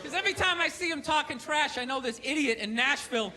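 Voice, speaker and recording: Ranting high-voiced comedian, forceful. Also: male voice, animated, fast, a faint crowd. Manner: ranting, incredulous, bursts into shouting. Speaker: stand-up comedian. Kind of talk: stand-up routine. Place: comedy stage before a live audience.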